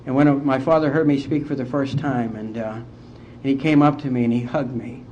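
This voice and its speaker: A middle-aged man from West Virginia, speaking as an AA speaker and telling his recovery story to a conference in a heartfelt, unhurried way. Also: mid-range voice, steady tone, a little mellow, a little hiss or hum. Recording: dull lo-fi conference tape.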